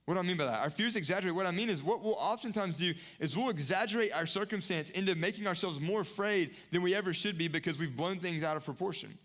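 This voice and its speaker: A young adult man preaching a sermon earnestly, repeating phrases, rising to emphatic peaks and dropping to hushed lows. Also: quick pace, few pauses. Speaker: pastor.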